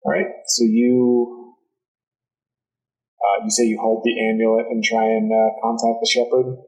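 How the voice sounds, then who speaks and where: A man running a tabletop game as game master, narrating in a halting way with many pauses. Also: lowish voice, flat delivery, darkish tone, poor audio. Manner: halting, lots of ums and uhs.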